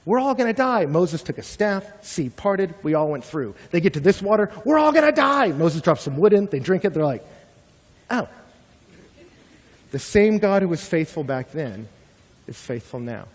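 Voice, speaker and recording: A young man preaching a sermon with animated delivery, acting out quoted complaints. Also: on the high side, a little slow. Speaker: pastor. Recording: long hall reverb.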